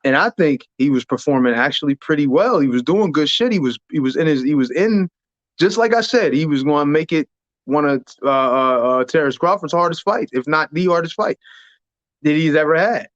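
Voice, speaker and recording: A man who is a podcast guest, talking in a measured, rambling way. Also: a little high, animated, no echo, highs cut off. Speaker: podcast guest, former boxer. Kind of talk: casual chat.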